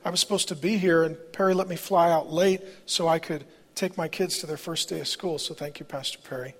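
A man's voice: a little high, steady tone, a little fast. A pastor in his forties, a man, preaching a sermon with candid, conversational personal stories in a large church auditorium. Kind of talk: storytelling sermon. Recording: long reverb of a large hall.

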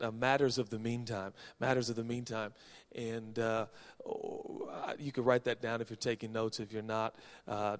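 A man from Seattle preaching a sermon as a pastor, reading scripture with folksy joking asides and swinging from soft to loud. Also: medium pitch. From Seattle, Washington, USA. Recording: long reverb of a large hall.

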